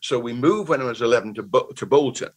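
Husky old bristol guy in his 80s, rambling stories, keeps restarting words. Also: medium pitch, fast, low-quality recording. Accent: Bristol English. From Bristol, England. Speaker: guest. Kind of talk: casual conversational storytelling.

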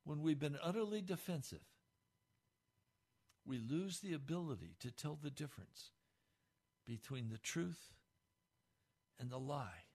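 Male pastor, blunt earnest sermon delivery, slightly higher-pitched voice. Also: lively intonation, measured pace, long pauses, darkish tone.

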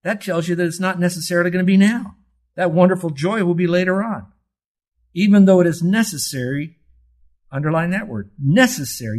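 This pastor, a man in his seventies, has a highish, darkish voice. His sermon teaches emphatically, full of rhetorical questions and instructions to circle and underline words.

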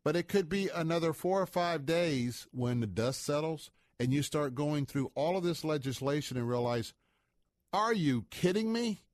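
A man's voice: fairly high pitch, normal speed, hardly any pauses, a little mellow, no echo, clean studio sound. A middle-aged man hosting a talk radio show, rambling in a folksy manner with many filler sounds.

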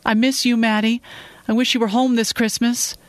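A narrator voicing a gentle, lonely middle-aged father who speaks softly and affectionately, a little hesitant. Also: mid-range voice, flat delivery, normal speed, no room sound, voice pushed up, close to an everyday voice. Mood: tender. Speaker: character in a read story.

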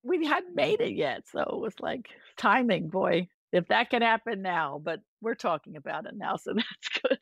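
An older woman chats as a podcast guest, spinning stories with lively swings in her voice and quick impressions of the people she quotes. Her voice sits mid-range for a woman. The sound is close and dry, with no room around it. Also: vocal fry, husky, dry recording. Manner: animated, acts out quoted voices with big pitch jumps. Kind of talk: casual storytelling chat.

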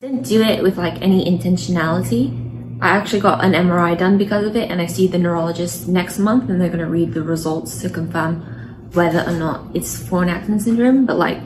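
A woman's voice: fairly low pitch, a little fast. A woman in a played clip, chatting casually about her own speech, full of fillers and rising intonation. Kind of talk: casual chat. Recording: clip with clear background noise.

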